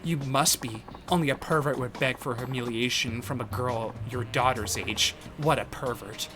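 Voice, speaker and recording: A man's voice: medium pitch, normal speed, music in the background, pitched below the performer's own voice, close to an everyday voice. A man voicing a young woman in a game who plays a scolding, haughty dominatrix. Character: young woman, timid girl turned bossy dominatrix. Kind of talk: reading game dialogue aloud on a stream.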